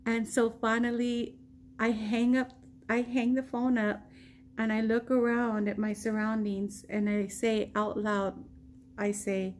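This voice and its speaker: American woman telling a story, lively. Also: fairly high pitch, unhurried, slight background noise. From United States. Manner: animated retelling, acting out quoted lines. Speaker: vlogger. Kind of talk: casual storytelling.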